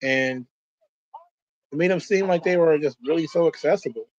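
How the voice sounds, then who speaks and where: A man with a fairly high voice rambles casually as he comments along with a wrestling event. He swears freely and circles back on his own thoughts. His voice comes through dull and lo-fi. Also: moderate pace, dry recording. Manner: loose, profane, rambling. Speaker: host of a wrestling watch-along.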